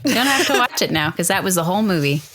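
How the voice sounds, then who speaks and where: A woman's voice: fairly low pitch, animated, fast talker, a loud crowd. Wry laughing woman guest. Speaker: podcast guest. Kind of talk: casual chat.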